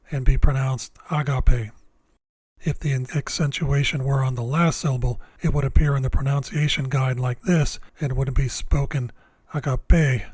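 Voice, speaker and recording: Man, scripted lesson narration, measured and deliberate, mid-pitched voice, dry close sound. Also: a little mellow, no room sound. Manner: slow, deliberate, measured explanations. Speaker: Bible language teacher.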